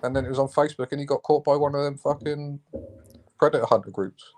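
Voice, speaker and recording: A young man chatting on a stream, animated and sweary, calling his friend mate and bro. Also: medium pitch, quick pace. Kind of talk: casual live-stream chat.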